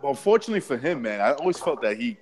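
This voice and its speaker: A man's voice: mid-range voice, sing-song, very fast, a crowd in the background. A man co-hosting a boxing podcast in casual chat, rambling and stumbling over his words. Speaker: podcast co-host.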